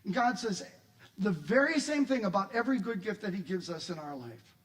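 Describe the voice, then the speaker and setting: رجل واعظ بصوت عالي النبرة. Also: male voice, fairly quick, rough recording. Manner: animated preaching, acts out quoted voices with rising pitch and volume. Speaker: pastor. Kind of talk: sermon.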